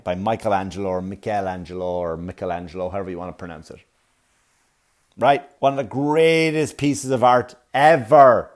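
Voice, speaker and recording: A man's voice: fairly low pitch, darkish tone. A man hosting a solo comedy podcast, ranting with exasperated profanity and mocking little quoted voices. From Ireland. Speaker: podcast host.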